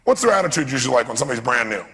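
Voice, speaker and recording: A man giving a live seminar talk in a large hall, lively and constantly quizzing the audience with questions. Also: mid-range voice, very fast. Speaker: seminar speaker. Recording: echoey hall with long reverb.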